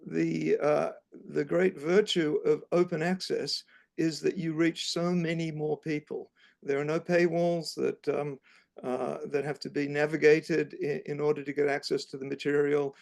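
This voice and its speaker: Older man with a gravelly voice. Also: fairly high pitch, flat delivery, a little mellow. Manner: halting, measured, many fillers. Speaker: author and guest speaker. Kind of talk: academic talk. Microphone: video call.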